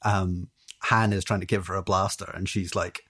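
A British man with a slightly low voice talking thoughtfully on a podcast panel. He fills his pauses with "uh" and "you know" as he works through his points. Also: flat delivery, a bit bright, husky. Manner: thoughtful, with many fillers. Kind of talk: casual chat.

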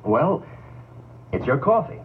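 A man's voice: medium pitch, very animated, slow, a little hiss or hum. A man acting a complaining husband in an old commercial. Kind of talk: vintage ad acting. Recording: tinny old ad audio.

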